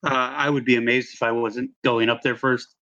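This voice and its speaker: A man's voice: mid-range voice, little pitch movement, moderate pace, sharp tone, lo-fi sound, slight background noise. A man playing in a tabletop game, eager and rambling with fillers. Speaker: player. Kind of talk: tabletop role-play chat.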